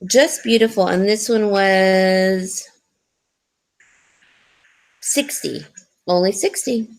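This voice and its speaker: Woman, live-stream jewelry seller, chatty, giggly, unhurried, mid pitch. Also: a little mellow. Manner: chatty and giggly, rambling with fillers. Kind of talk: casual live-stream sales chat.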